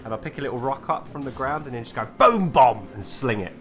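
A man's voice: medium pitch, lively intonation, quick pace, a bit bright, soft background music. A man playing a tabletop game in blunt, jokey casual chat. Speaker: player. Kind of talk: casual role-play chat.

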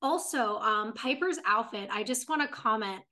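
Bright-voiced woman recapping a TV episode. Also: a little high, normal speed. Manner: retells scenes at length, reading out characters' lines. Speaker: podcast co-host. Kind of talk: casual chat recapping a TV episode.

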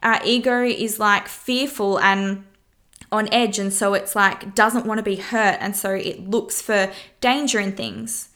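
A woman's voice: medium pitch, steady tone, unhurried, a bit bright. A woman hosting her podcast, giving frank relationship advice in a casual monologue, swearing freely and asking rhetorical questions. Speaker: podcast host.

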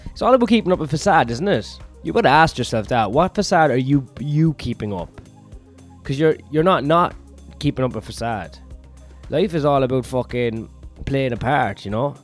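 A run-down man talks into his podcast mic with crude, self-mocking banter, dropping swears every few words. His voice sits at an ordinary middle pitch, with faint music playing underneath. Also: expressive, moderate pace. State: tired, run-down. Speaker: comedian podcast host. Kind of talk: rambling solo podcast.

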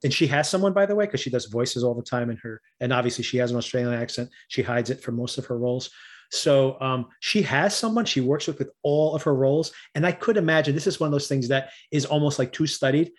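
Male podcast co-host, mid-pitched, casual recap chat, rambling and quick to laugh. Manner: rambling, laughs often, many restarts.

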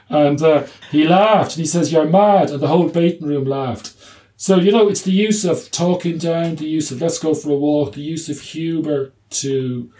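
Mellow-voiced doctor telling stories. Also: male voice, a little high. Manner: hesitant restarts, anecdotes with quoted dialogue and humour. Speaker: doctor running a clinic. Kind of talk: conversational interview answer.

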